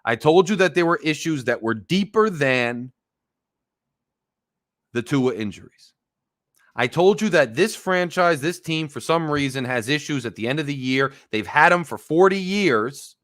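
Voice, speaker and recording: Bright-voiced man ranting about his team. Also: fairly high pitch, lively intonation, measured pace, pauses often. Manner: emphatic, wry, repetitive ranting. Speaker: sports podcast host. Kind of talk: casual fan rant.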